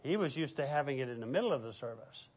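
A man's voice: mid-range voice, expressive, fast, husky. A middle-aged man preaching a sermon as pastor, telling stories and acting out the voices of people he quotes.

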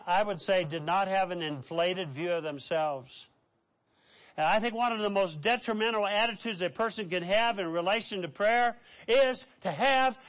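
Male preacher, high voice, emphatic lists and direct questions, swings loud to soft. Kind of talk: sermon.

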